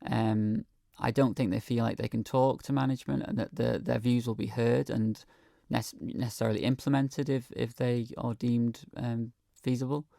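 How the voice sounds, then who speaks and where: A man's voice: medium pitch, fairly even intonation, normal speed, vocal fry, hardly any pauses, mellow, no room sound, clean studio sound. A man speaking as a guest in a radio interview, earnest and hesitant, with many ums. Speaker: guest, hospital patient. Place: radio studio.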